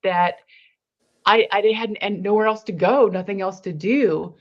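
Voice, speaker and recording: An interview guest, a woman with a medium-pitched voice and moderate pace, shares a personal account in earnest, acting out what people said. It plays as conversational testimony, captured on a somewhat dull lo-fi recording.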